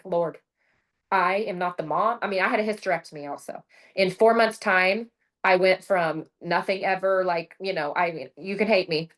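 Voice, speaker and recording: A middle-aged woman with a medium-pitched voice presents her sales story in a casual motivational talk over a video call. She tells it with lively energy, acting out her own lines and often using "like" and "right?".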